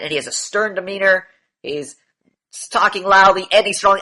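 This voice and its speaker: A man's voice: high-pitched, moderate pace, sharp tone. A man coaching a group in an online session, lecturing bluntly, repeating key phrases and swearing now and then. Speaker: demand training coach.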